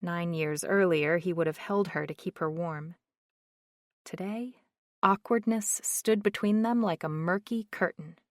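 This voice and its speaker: A woman narrating an audiobook in a slow, measured reading. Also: on the low side, dry recording, clean studio sound.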